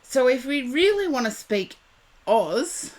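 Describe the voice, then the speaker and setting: A woman's voice: high-pitched, big pitch swings. An Australian woman in her fifties, a psychic chatting casually with viewers on a live stream, rambling and digressive. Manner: chatty and digressive, drawn-out words.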